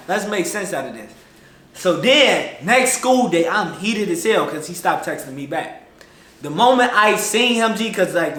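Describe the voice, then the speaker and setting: High, bright-voiced excitable male storyteller. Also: echoey room. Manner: excitable, slangy, swings between loud and muttered. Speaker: vlogger telling a personal story. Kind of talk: animated casual storytelling.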